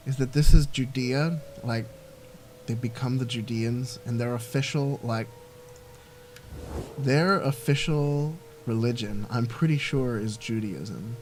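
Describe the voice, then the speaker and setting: Male let's-play host, mid-pitched, loose rambling commentary, faint background hum. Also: takes it slowly, darkish tone. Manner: rambling, thinking aloud with many fillers. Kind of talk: casual gameplay commentary.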